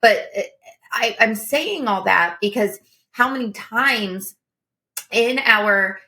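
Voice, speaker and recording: Bright earnest woman co-host. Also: on the high side, slow pace. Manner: storytelling, earnest, lively. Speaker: podcast co-host, coach. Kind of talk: casual coaching talk.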